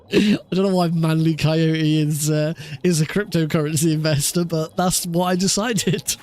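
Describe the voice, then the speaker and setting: A man with a slightly high, steady, somewhat dark voice talks at a normal speed while streaming speedrun practice. He chats casually with his viewers, laughing a lot and swearing freely in typical live-stream fashion.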